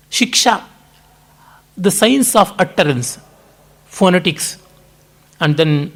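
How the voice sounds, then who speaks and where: Indian-accented male lecturer, slightly raised pitch, steady explanatory delivery with many "uh" pauses. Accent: Indian English, Kannada. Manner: measured, explanatory, frequent "uh" pauses. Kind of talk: public lecture on culture. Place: lecture hall.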